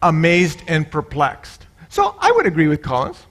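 A middle-aged male pastor preaching a sermon, animated, mixing jokes with scripture and acting out quoted voices. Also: normal speed. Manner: animated, acts out quoted voices with loud high bursts.

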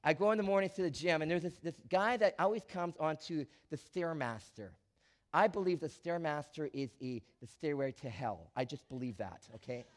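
A man preaching a sermon as a pastor, animated, swinging from quiet asides to loud emphatic lines with frequent restarts. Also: fairly high pitch, normal speed.

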